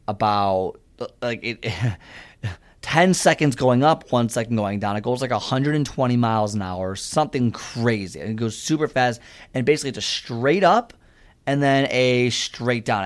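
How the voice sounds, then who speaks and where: A man giving a motivational talk on fitness, speaking in an earnest, conversational storytelling way. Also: lowish voice.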